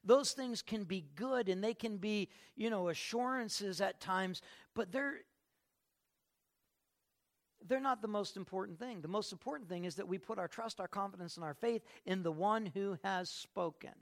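Gravelly, emphatic preacher man. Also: sits high, moderate pace. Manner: emphatic, swings from quiet to loud. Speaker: pastor. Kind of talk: sermon.

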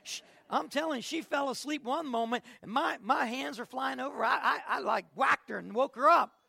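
A male pastor preaching an Easter sermon, swinging from quiet passages to shouted declarations and rapid questions to the congregation. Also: very high voice, vocal fry, husky, no room sound.

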